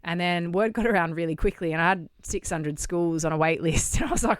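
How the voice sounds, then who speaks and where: A middle-aged Australian woman with a low, smooth voice tells a story as a podcast guest. She acts out each bit of dialogue and swears casually. The sound is dry and close. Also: a little fast, no echo. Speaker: guest, charity founder. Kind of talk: conversational storytelling. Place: podcast studio.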